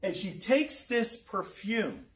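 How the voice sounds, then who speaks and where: Animated male preacher, echoey hall. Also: sits high, slow. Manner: animated, rhetorical questions, chuckles. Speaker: pastor. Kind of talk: sermon. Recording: roomy echo, mic far off.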